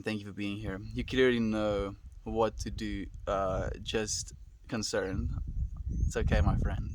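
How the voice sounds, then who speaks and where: A young man chatting calmly on his live stream, reassuring viewers and often calling them "my friend". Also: lowish voice. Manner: calm, reassuring, says "my friend" a lot. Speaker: livestreamer. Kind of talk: casual live stream chat reading viewer comments. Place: at home.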